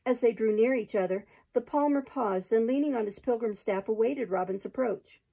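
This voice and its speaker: Husky woman reading a storybook aloud. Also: on the high side, normal speed, dull audio. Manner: steady, even narration.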